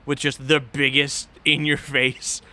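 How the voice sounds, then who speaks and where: A man's voice: mid-range voice, flat delivery, a little slow, bright, forceful tone. A young man co-hosting a podcast, retelling movie scenes in a laid-back way and laughing often. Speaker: podcast co-host. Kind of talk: casual movie review chat.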